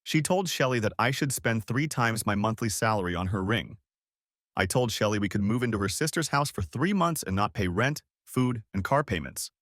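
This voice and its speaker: A man narrating a first-person story as an audiobook reader with a steady storytelling manner. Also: on the low side, moderate pace, dry recording, clean studio sound.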